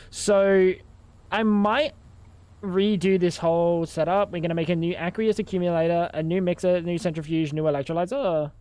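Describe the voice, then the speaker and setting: A man's voice: high voice, normal speed, a little mellow, clean tone, dry recording. A man streaming a game, chatting casually and thinking aloud, with plenty of swearing. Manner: rambling, profane, thinking aloud. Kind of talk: casual livestream chat while gaming.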